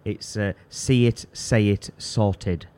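A man chats on a talk show as co-host. His voice sits fairly low, and his humor is dry and understated. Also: steady tone, slow pace, mellow. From United Kingdom. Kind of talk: casual chat.

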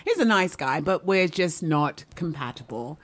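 A woman's voice: low voice, unhurried, background noise. Chatty middle-aged lady doing stand-up, voice jumps all over, keeps going "right?". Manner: chatty, animated, keeps asking the audience "right?". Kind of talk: stand-up storytelling.

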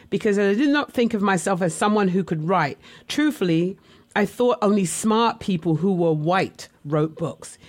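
A woman speaks in a candid, reflective way, recounting her childhood and family as a memoir. Her delivery is conversational and unhurried, moving between plain narration and asides to the listener. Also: medium pitch. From West Indian family. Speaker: author telling her life story. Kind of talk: personal memoir storytelling.

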